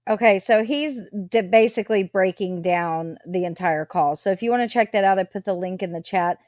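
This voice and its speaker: A woman's voice: medium pitch, normal speed, a little mellow, dry recording, studio quality. Chatty woman hosting a live stream. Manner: chatty, talks to her viewers. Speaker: livestream host. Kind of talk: casual live chat.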